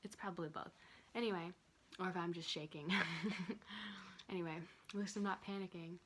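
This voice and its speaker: A woman's voice: lowish voice, fairly even intonation, fairly quick, fairly bright tone. A young woman chatting casually to her phone camera from her bed, rambling and drifting off topic, chewing gum as she talks. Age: young adult. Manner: chewing gum while talking. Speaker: vlogger. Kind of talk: casual chat. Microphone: handheld phone camera.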